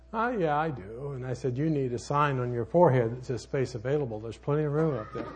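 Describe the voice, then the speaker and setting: An older man preaching a sermon as a pastor, folksy and rambling, with sudden loud outbursts in his storytelling. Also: mid-range voice, slightly rough.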